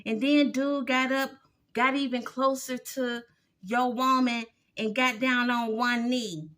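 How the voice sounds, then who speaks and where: A man's voice: extremely high pitch, level tone, slow, sharp tone, full character voice. A woman voicing a hesitant young man who stammers and hedges with his friend, as she quotes him in a TV recap. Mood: reluctant.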